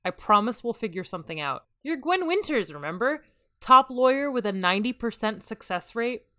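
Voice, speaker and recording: A woman reading the part of a calm, reassuring female best friend in a soothing, coaxing way. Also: fairly high pitch, moderate pace, no room sound, studio quality.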